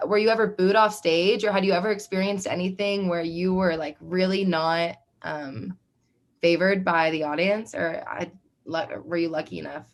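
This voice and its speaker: Hesitant young woman interviewing. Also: lowish voice. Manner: hesitant, many fillers and restarts, laughs often. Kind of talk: casual interview chat.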